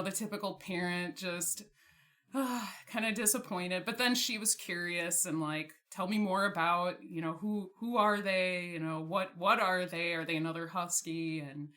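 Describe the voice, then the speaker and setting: A woman's voice: on the low side, fairly bright tone. A young woman in her twenties telling a story about her dogs in a casual, chatty way, often laughing and saying "like". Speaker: podcast guest.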